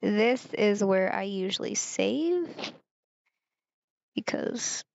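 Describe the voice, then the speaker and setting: A woman's voice: mid-range voice, lively intonation, slow, vocal fry, darkish tone, no room sound, lo-fi sound. A woman from Germany streaming a visual novel, reading the story aloud and chatting with viewers in asides.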